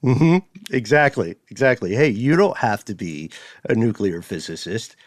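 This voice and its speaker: A man co-hosting a podcast in casual chat, animated and quick to laugh, often reading quotes aloud. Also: fairly low pitch, no room sound. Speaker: podcast co-host. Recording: dry close studio sound.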